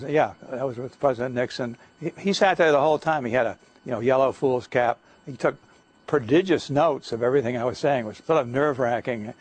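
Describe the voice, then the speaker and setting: Halting older man recalling in a lecture. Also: medium pitch. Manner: halting, many fillers and restarts. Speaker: guest lecturer. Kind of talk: anecdotal lecture talk. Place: lecture hall.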